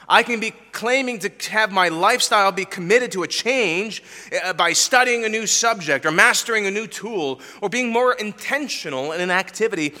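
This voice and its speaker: A man delivers a sermon in a bright, ringing voice, pitched fairly high for a man. He preaches emphatically, pressing his listeners with rhetorical questions. His voice carries a long reverb from a large church hall. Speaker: pastor.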